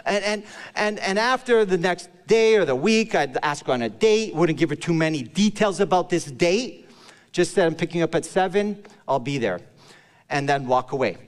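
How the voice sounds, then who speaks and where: Male pastor, slightly high voice, playful storytelling sermon, sinks low and soft for the serious points, long church-hall reverb. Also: lively intonation, normal speed. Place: church service.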